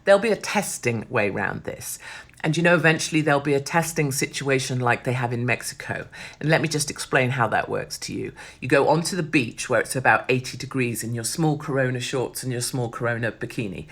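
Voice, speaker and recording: A middle-aged woman rants in a blunt, sardonic monologue, swearing freely. Her voice sits low for a woman. She speaks close to the mic. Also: brisk. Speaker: host. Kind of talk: casual monologue.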